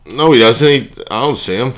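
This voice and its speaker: A man's voice: mid-range voice, brisk, fairly bright tone, slight background noise. A man co-hosting a podcast in a studio, brash and profane, ribbing his co-host in casual banter. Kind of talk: casual fantasy football banter.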